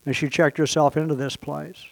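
Speaking at a recovery meeting, a man with a gravelly, somewhat high voice recounts his long personal history at a moderate pace and with little pitch movement. His humor is wry, and he slips into short voices when quoting others.

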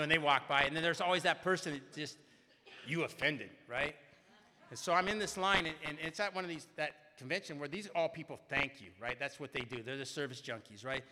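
Bright-voiced man telling a story in a hall. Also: fairly high pitch, brisk. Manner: animated, keeps asking "right?". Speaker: speaker at a recovery meeting. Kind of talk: personal storytelling talk. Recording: echoey hall reverb.

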